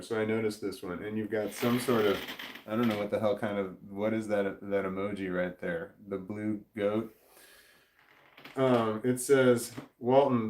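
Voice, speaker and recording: A man's voice: fairly low pitch, a little mellow. A man hosting a casual livestream, reading chat aloud, rambling, swearing often and laughing a lot. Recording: roomy echo.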